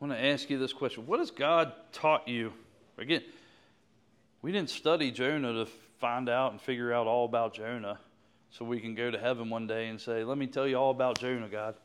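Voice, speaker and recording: Male pastor, smooth resonant voice, fervent sermon delivery. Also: medium pitch, steady tone, fairly quick. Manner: impassioned, rising to fervent prayer. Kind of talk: sermon closing and prayer.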